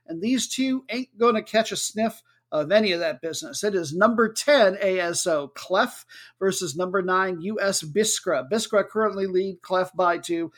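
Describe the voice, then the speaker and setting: A man hosting a podcast in a casual, jokey, chatty way, with filler words. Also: high voice. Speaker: podcast host. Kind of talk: casual chat.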